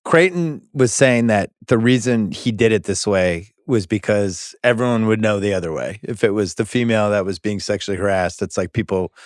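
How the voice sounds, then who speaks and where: A man hosting a casual movie podcast, talking briskly and moving the show along. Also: fairly low pitch, no echo, studio quality. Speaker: podcast host.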